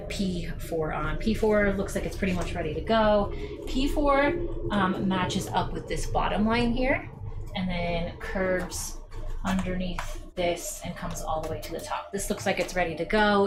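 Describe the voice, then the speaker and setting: A woman's voice: medium pitch, background noise. Chatty woman teaching a craft stream. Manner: chatty, talks to viewers as "you guys", many ums. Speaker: cosplay crafting host. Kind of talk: casual how-to crafting stream. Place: home craft room.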